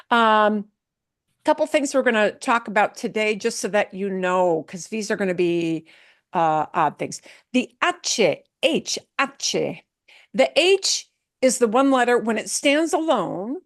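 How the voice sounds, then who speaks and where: Patient woman teaching a language class, dry sound. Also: a little high. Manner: patient, repeats words slowly for students to echo; checks in often with "okay?". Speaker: Spanish teacher.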